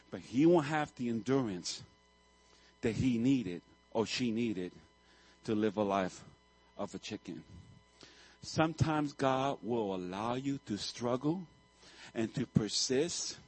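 A male pastor preaching a sermon, telling a story with animated swings and sudden loud outbursts. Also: mid-range voice, a little slow, breathy edge, low-quality recording.

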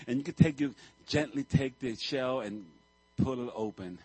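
A male pastor preaching a sermon, telling a story with animated swings and sudden loud outbursts. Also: medium pitch, moderate pace, few pauses, slightly rough, dry recording, poor audio.

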